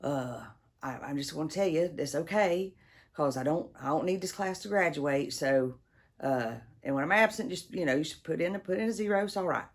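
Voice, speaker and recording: A woman voicing a polite, laid-back teenage boy student who talks quietly and unhurriedly. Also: deep voice, a little fast. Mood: easygoing.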